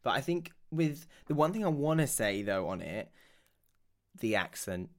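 Man, podcast co-host, casual chat, lively swinging pitch, slightly breathless, giggly. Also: measured pace. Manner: chatty and giggly, trails off mid-sentence. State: a bit out of breath.

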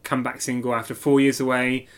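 A man co-hosts a music review podcast in an easy, conversational way. His voice sits in an ordinary middle register, and he talks eagerly, often pausing on fillers before pressing on. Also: medium pitch, little pitch movement, clean tone. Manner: chatty, enthusiastic, hesitant with fillers. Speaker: podcast co-host. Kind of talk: casual music review chat.

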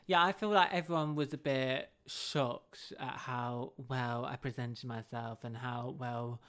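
A man's voice: medium pitch, steady tone, a bit bright, clear, resonant tone. A young man from England, a podcast guest chatting in a camp, cheeky way. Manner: camp, cheeky, quick to laugh. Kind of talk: casual chat.

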